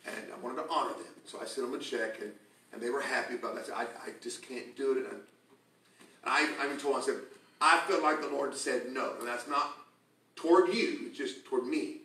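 A man preaching a sermon to a congregation, telling stories with laughter and rising to shouts. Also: medium pitch, a little fast, a little hiss or hum. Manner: storytelling, laughing, building to shouts. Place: church sanctuary with congregation. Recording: echoey church from a distance.

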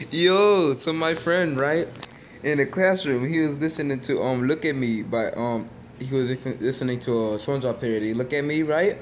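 A man's voice: medium pitch, normal speed, slight background noise. A man vlogging casually from a car, talking into a handheld phone with playful, teasing banter. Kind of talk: casual vlog chat.

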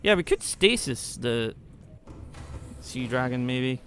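A man commentating his game play, excitable, talking to the creatures and shouting when he panics. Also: mid-range voice, slow, a little hiss or hum. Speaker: gaming YouTuber.

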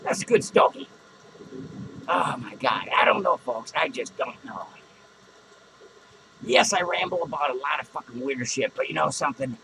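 Playing a crude, drunk clown, a man hosts a podcast from a small studio, his slightly high, creaky voice animated at a normal speed. He rambles boozily, swears, mocks himself and breaks into loud cackles, pausing often over a noisy background in this comic in-character rant.

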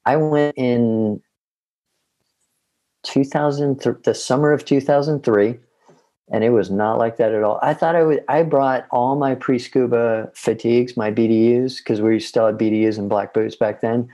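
A man's voice: medium pitch, fairly even intonation, moderate pace, warm tone. A man, a podcast guest, telling long casual stories with rambling restarts. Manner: rambling, self-interrupting anecdotes. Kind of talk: casual storytelling.

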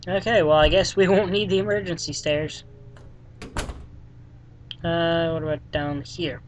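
A let's play gamer giving casual gameplay commentary in a sarcastic, deadpan way, swearing often and reading game text aloud. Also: medium pitch, measured pace, dull audio, noisy background.

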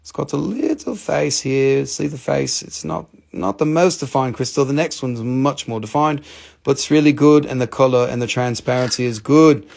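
Gravelly man hosting a live rock sale. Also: mid-range voice, normal speed, a little mellow. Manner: joking, loose, swears freely. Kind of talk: casual live-stream sales chat.

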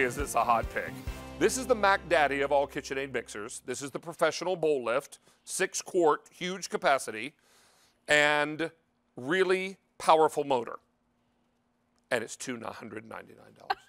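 A man hosting a live TV shopping show from a studio kitchen, chatty and emphatic as he pitches a product. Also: expressive, moderate pace, a bit bright, soft background music. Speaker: TV shopping host.

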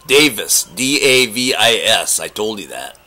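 Deadpan prank caller guy, rambles on, bright sharp voice. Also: on the low side, a little slow. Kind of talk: prank call.

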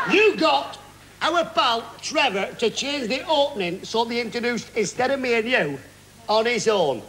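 Man putting on a very high squeaky rabbit voice, bossy and indignant, drawn-out delivery, TV studio audience roaring. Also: noisy background, heavily acted. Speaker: comedy double-act performer. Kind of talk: stage sketch comedy. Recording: TV stage with loud audience laughter.

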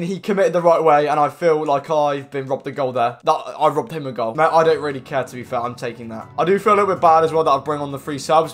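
A young man commentating his own football video game matches, excitable and swearing, often yelling at the players. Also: a little high. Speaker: gaming YouTuber. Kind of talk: live gameplay commentary.

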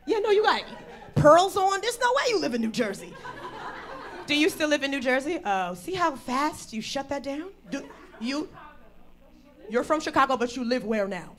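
A woman performing a brash stand-up comedy set live, working the crowd with animated storytelling. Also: high-pitched, normal speed. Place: live venue before an audience. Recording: faint crowd noise. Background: audience laughter.

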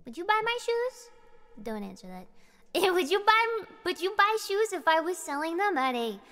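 A woman's voice: very high voice, big pitch swings, moderate pace, a bit bright. A young woman streaming karaoke, singing songs and rambling and giggling between them. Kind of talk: karaoke stream with chatty asides. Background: backing music.

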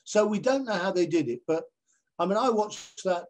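Man, slightly high voice, animated anecdotes, TV presenter, acts out voices, video call. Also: moderate pace. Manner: animated, acts out other people's voices in his stories. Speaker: television presenter guest. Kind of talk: anecdotal storytelling in a conversation.

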